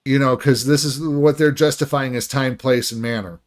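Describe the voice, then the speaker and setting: A man's voice: medium pitch, fairly even intonation, moderate pace. A man hosting a live video reaction stream, talking animatedly with laughing asides and frequent restarts.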